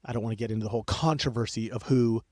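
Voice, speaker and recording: A young man co-hosts a podcast and tells history in excitable bursts, wandering off on tangents and cutting himself short before picking the thread back up. His pitch sits at an average level. The recording is dry and close, with no room sound. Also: rapid-fire, no room sound. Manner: excitable, rambling, self-interrupting. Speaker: podcast co-host. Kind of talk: casual storytelling chat.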